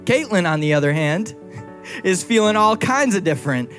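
A man's voice: high-pitched, lively intonation, normal speed, a bit bright, soft background music. A young man preaching a sermon to a congregation, conversational and playful, teasing his wife. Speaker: pastor. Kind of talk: sermon with personal stories. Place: church before a congregation.

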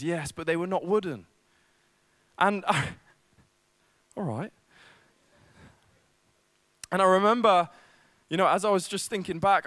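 A man's voice: sits high, fairly bright tone, clean tone, no echo. A young man preaching a sermon at a church service, casual and self-deprecating, with many fillers.

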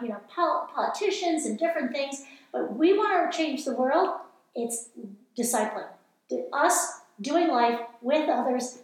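A middle-aged woman giving a passionate, earnest evangelical teaching talk, urging her listeners on. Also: high voice. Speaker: speaker. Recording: very echoey room.

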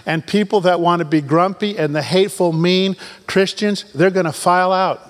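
A man's voice: sits high, normal speed. Fervent preaching man. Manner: animated preaching, reads scripture with rising fervor; joking asides to the congregation. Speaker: pastor. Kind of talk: sermon. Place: church sanctuary.

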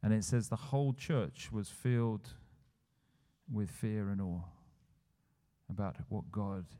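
A man's voice: fairly low pitch, slow pace, warm tone. A man preaching a sermon, retelling scripture scenes and building to emphatic declarations. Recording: long church hall reverb.

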